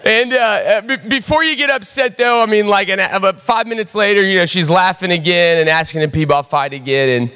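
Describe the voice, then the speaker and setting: A young pastor with a very high voice preaches a sermon to a packed church, telling a lively story and calling out to the congregation, his words trailing long reverb through the big auditorium. He speaks a little fast and smoothly with hardly any pauses, animated and constantly checking in with the room, while soft music plays behind him.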